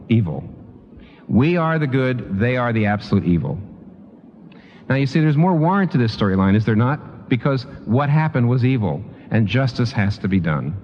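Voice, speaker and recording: A man delivers a sermon with very lively, swooping intonation, climbing high on his strongest points and dropping low to let a thought land. His talk is conversational and full of restarts and asides. The sound is dull and lo-fi, carried by the long reverb of a large hall. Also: a little hiss or hum. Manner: lively, emphatic preaching with rising pitch on key points. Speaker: preacher.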